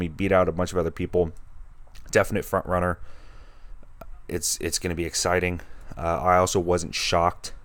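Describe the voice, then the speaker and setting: Recorded dry, this podcast host speaks at a low pitch. He's an enthusiastic movie lover, and his casual talk wanders, full of false starts.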